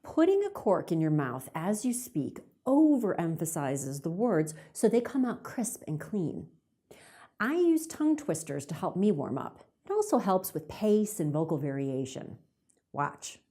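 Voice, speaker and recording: Lively woman giving voice tips. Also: fairly low pitch, unhurried. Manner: lively, chatty, demonstrative. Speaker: communication coach and voiceover artist. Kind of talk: direct-to-camera tips video.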